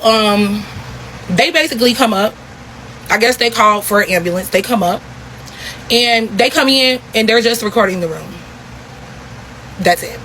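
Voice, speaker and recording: A young woman telling a story in a casual vlog, talking in a profane, animated, repetitive way. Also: mid-range voice, slight background noise, rough recording.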